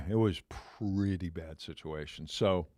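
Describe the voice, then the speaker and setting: Older male podcast host around seventy, unhurried and rambling, repeats himself while spinning a personal yarn. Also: sits low, creaky, no echo. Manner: rambling, repeats phrases and circles back mid-story. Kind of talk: casual storytelling monologue.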